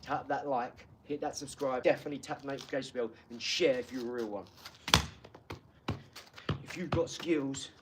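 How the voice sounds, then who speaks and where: A man's voice: mid-range voice, fairly even intonation, quick pace, few pauses, background noise. A man hosting a casual live stream from his garage, talking in a hyped, slangy way and calling his viewers "dog" and "mate". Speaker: livestream host. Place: home garage.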